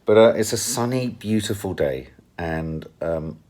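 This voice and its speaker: An English man chats in a family vlog with a very deep voice. His manner is wry and teasing. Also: lively intonation, measured pace, a little mellow. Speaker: vlogger. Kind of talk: casual chat.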